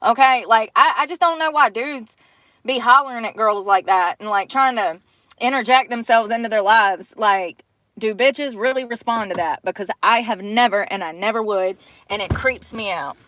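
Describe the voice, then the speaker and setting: A young woman ranting bluntly and profanely on a casual live stream, exasperated and loud-mouthed. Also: fairly high pitch, moderate pace, dry recording. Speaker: livestreamer.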